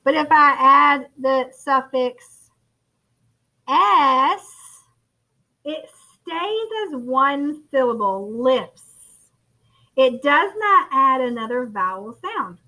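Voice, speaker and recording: High, bright-voiced woman teacher. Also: lively intonation, takes it slowly, few pauses, low-quality recording. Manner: encouraging, calls listeners friends. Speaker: first grade phonics teacher. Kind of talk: recorded classroom lesson.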